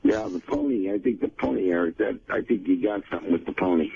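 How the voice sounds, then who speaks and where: A man who is a regular on a radio show, bantering casually and egging a caller on, with a husky voice. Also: on the low side, wildly swooping pitch, fast, dark tone, a little hiss or hum. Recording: dull lo-fi radio broadcast.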